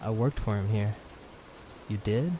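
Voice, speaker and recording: A man's voice: fairly low pitch, unhurried, background noise, lightly acted. A man voicing a tired, plain-spoken middle-aged male captive in a narrated horror story. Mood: weary. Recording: clear rain sounds behind voice.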